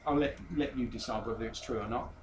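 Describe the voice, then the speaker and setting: A man's voice: mid-range voice, steady tone, fast talker, a little hiss or hum. A man hosting a casual football podcast, teasing his guest and reading out transfer news. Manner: jokey, teasing, reads out player news. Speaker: podcast host.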